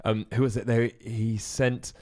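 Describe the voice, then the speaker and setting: Halting man searching for words. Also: mid-range voice, flat delivery, darkish tone. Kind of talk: casual chat.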